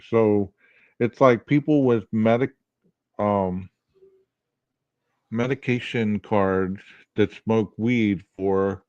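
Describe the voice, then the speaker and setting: Male podcast host, low early-morning voice, argumentative, rhetorical, muffled dry sound. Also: a little mellow, no room sound. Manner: argumentative, asks rhetorical questions. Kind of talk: casual true-crime commentary.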